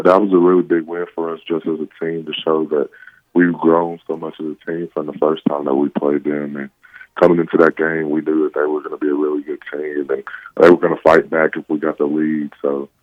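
A young man's very deep, flat voice comes through a narrow, tinny phone line with no room sound. He answers questions in a soft, measured way, a college basketball player from Arkansas calling in from a hotel. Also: no echo. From Fort Smith, Arkansas. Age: young adult. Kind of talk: phone interview on radio.

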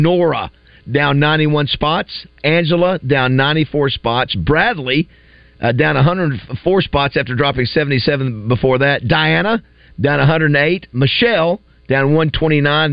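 A man's voice: fairly high pitch, normal speed, vocal fry, clear, resonant tone, no room sound. Rambling man hosting morning radio. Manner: rambling, restarts, lists names with rising emphasis. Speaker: radio show host. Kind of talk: casual morning radio chat. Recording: dull dry radio studio sound.

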